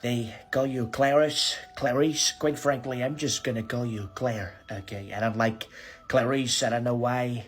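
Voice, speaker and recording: Hannibal Lecter as a man puts him on, husky rambler. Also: mid-range voice, fairly even intonation, unhurried, faint music behind. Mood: smug rambling. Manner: rambling, keeps saying "quite frankly" and "okay". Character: rambling male cannibal killer, smug and repetitive. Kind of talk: comedy sketch monologue.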